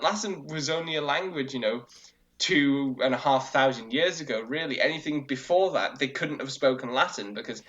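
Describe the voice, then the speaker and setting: Rambling man, dull lo-fi sound. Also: a little high. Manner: rambling, animated explaining with many fillers and restarts. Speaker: co-host. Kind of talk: casual discussion podcast. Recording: lo-fi dull audio.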